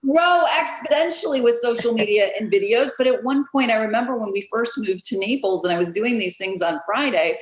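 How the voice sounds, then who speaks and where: A woman's voice: on the high side, a little fast, hardly any pauses. Woman, guest, casual storytelling, acts out quotes, video call, echoey room. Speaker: realtor and guest. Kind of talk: casual interview.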